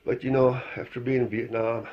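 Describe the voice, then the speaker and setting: A man's voice: medium pitch, level tone, fairly quick, lightly acted. A man voicing a laid-back male talking dog, a boastful war veteran, in a rambling, easygoing drawl. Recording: dull lo-fi recording.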